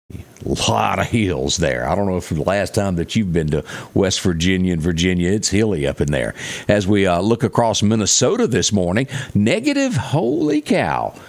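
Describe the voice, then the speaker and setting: Southern weather guy from mississippi, lowish voice that bounces all over, chatty and folksy. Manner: chatty, folksy asides to viewers. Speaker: weather presenter. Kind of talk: folksy local weather report.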